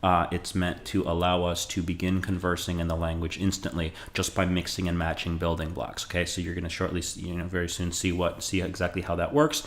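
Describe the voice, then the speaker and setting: An American man teaches beginner Spanish in a casual spoken lesson, his low voice monotone, a bit fast, and barely pausing. He's loose and talky, restarting sentences and checking in with frequent "okay?".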